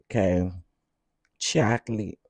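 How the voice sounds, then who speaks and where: A man hosting a live stream of reality TV gossip, talking in a sassy, expressive way straight to his viewers. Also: on the low side, takes it slowly, creaky, no room sound.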